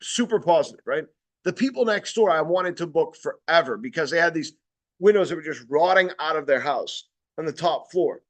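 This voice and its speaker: A man's voice: a little high, expressive, normal speed. Blunt, rambling man with a raised voice. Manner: rambling and blunt, swears freely, checks in with listeners often. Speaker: sales trainer. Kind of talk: casual training talk.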